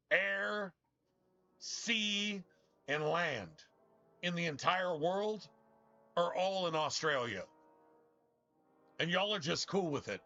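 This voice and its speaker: A young man chats over his gameplay in a bright, forceful, somewhat high voice, rambling and cursing freely as he stumbles over his restarts. The stream audio is dull and lo-fi, with faint game music underneath. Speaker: gaming streamer. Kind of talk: casual chat over gameplay.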